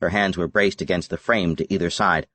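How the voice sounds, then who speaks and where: A man narrating a novel as an audiobook in a measured, even reading. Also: low voice. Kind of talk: scripted narration.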